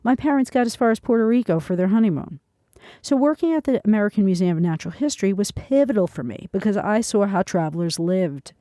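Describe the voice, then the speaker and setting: A woman's voice: mid-range voice, lively intonation, fast talker, warm tone, no echo. A middle-aged woman reading a chapter of her own memoir in an earnest, storytelling way for a podcast.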